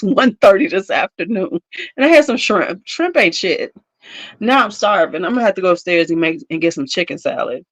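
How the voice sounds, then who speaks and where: Her voice sits on the low side and the audio is poor. This fifties-aged woman hosts a beauty channel, chatting casually on a home livestream where she spins stories, laughs frequently and answers her viewers directly.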